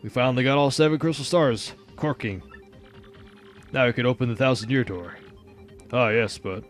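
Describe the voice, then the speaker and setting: A man's voice: mid-range voice, natural voice. A man doing a genteel old sailor gent. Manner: genteel, old-fashioned phrasing.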